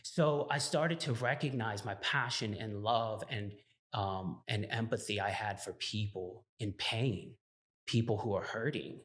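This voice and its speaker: A man's voice: lowish voice, measured pace, a bit bright. A man talking as a podcast guest in casual chat, earnestly telling his story and acting out his own inner dialogue, often checking in with "right?".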